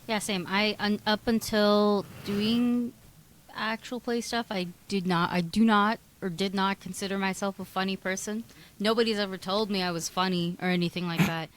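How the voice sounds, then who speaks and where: A woman's voice: mid-range voice, fairly even intonation, normal speed, low-quality recording. A young woman with a Toronto accent, a guest on a casual podcast chat, blunt and rambling. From Toronto, Canada. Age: young adult.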